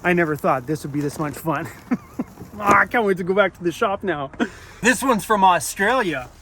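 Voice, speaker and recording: A man's voice: sits high, animated, moderate pace, bright, forceful tone. A man vlogging outdoors in a park, chatty and upbeat, laughing often as he opens packages. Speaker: van life vlogger. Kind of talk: casual vlog talk. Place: outdoors in a park by a parking lot.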